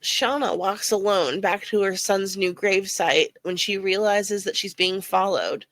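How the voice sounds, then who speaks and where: A woman's voice: medium pitch, a little slow, no room sound. A woman podcast host reading a scripted episode recap with dry, sarcastic asides.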